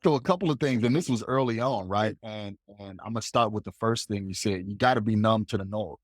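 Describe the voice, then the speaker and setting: Low-voiced man hosting an interview. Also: brisk, no echo, clean studio sound. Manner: relaxed, conversational questioning. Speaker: podcast host. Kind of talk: casual interview chat.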